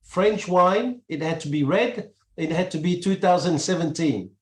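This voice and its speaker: Male host, slightly high voice, chatty, echoey room. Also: moderate pace, a little hiss or hum. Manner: chatty, laughing, loose restarts. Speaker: podcast host. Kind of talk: casual chat.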